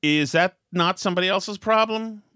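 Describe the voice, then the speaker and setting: A man's voice: sits high, normal speed, pushed and bright, dry recording, studio quality. A man hosting a political talk show, ranting with sarcastic exasperation. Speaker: host.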